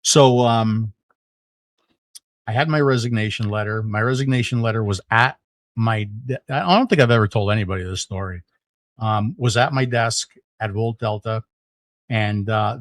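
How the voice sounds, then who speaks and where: A middle-aged man, a podcast guest, telling a story in casual conversation, animated, with lots of fillers and restarts. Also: on the low side, normal speed, no echo.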